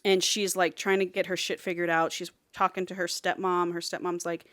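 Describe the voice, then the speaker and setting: Woman podcast host chatting, retells a book plot all animated, dry close mic. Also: on the low side, brisk, no echo. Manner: animated storytelling with quoted characters.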